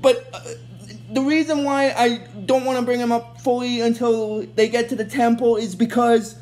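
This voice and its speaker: A woman's voice: on the high side, flat delivery, normal speed, darkish tone. A woman casually recapping a TV episode in a rambling way, full of fillers and restarts. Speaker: show recap host.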